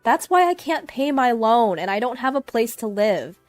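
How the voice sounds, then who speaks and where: In a storytelling reading over soft background music, a female narrator plays a once-arrogant ex-husband now reduced to desperation. At a moderate pace and with light acting, she gives him a dry, close, echo-free voice of lively pitch that climbs high as he loudly pleads.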